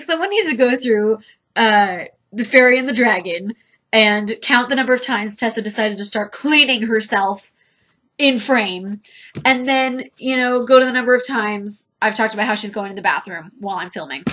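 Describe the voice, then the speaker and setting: A woman's voice: a little high, noisy background. A woman vlogging from home in a giggly, rambling chat, talking to her cat. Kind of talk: casual chat to camera.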